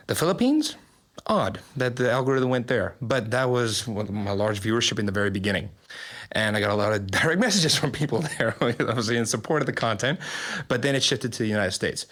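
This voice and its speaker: A man's voice: on the low side, a bit bright. Candid young man from South Africa. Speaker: guest, social media creator. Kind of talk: interview answers.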